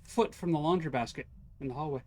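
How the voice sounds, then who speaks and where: A man's voice: a little high, fast, warm tone. A middle-aged man streaming a ghost-hunting game live, chatting casually and playfully calling out to the ghost over and over. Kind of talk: casual live gameplay chat.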